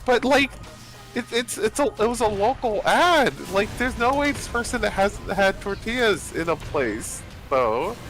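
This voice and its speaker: A man with a bright, forceful voice talks over a gaming session, rambling on with many fillers and false starts. He sounds like he is on a voice chat headset, with faint music behind him. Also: high-pitched, animated, measured pace. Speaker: gamer chatting with friends. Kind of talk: casual chat while gaming.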